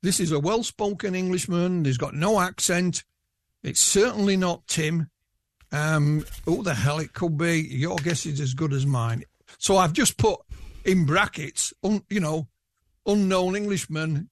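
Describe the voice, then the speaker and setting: A man's voice: fairly high pitch, measured pace, dry recording. A man with a Yorkshire accent, a guest chatting casually in an interview and rambling with restarts. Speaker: guest researcher.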